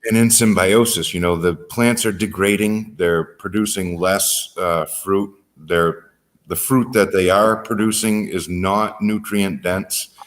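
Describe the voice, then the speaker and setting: Male host, very low voice, earnest and reflective in casual chat. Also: fairly even intonation, takes it slowly. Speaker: podcast host. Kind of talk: casual conversation.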